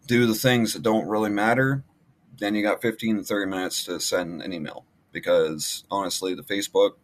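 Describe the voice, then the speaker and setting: Man, low voice, casual vlog talk, rambling, lots of ums and restarts. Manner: rambling, many fillers and restarts. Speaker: online marketing vlogger. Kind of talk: casual screen-share walkthrough.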